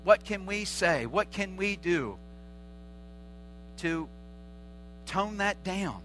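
A man's voice: high voice, animated, takes it slowly, fairly bright tone, slight background noise, poor audio. A man preaching a sermon as a pastor, earnest, driving his points home with repeated short exhortations.

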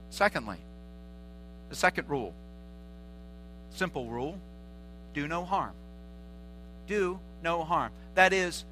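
A man's voice: on the high side, sharp tone, slight background noise, poor audio. A man preaching a sermon as a pastor, earnest, driving his points home with repeated short exhortations.

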